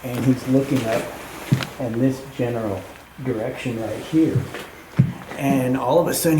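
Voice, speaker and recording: A man working as a tour guide, telling a ghost story in a lively way and acting out what people said, in an underground mine tunnel. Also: mid-range voice, a little slow, pauses often, over a noisy crowd. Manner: animated retelling with acted quotes. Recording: echoey tunnel, faint noise.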